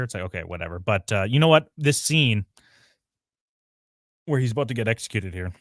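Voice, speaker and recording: A man's voice: mid-range voice, animated, fast, bright, forceful tone, dry recording, studio quality. A man co-hosting a TV review livestream, talking casually, rambling and searching for names, with frequent laughs. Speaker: podcast co-host. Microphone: home mic on a livestream.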